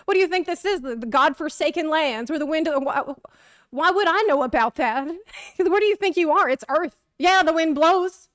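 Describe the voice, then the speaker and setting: A woman's voice: sits high, lively intonation, moderate pace, a bit bright, no room sound, clean studio sound. A woman doing a scornful grumpy male driver. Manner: scornful, exasperated. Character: grumpy male rideshare driver ranting about passengers.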